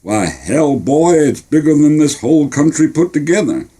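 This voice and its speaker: Bragging Texan GI giant, drawling Texan accent, lively up-and-down voice, dark tone, put on by a male narrator. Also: fairly high pitch, moderate pace, slightly rough, pitched above the performer's own voice. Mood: boastful. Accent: Texan American. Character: boastful American soldier, big Texan giant.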